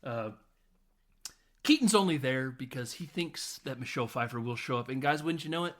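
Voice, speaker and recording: Man, podcast host, casual film recap, swears freely, laughs often. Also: mid-range voice. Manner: animated retelling with quick voiced quotes.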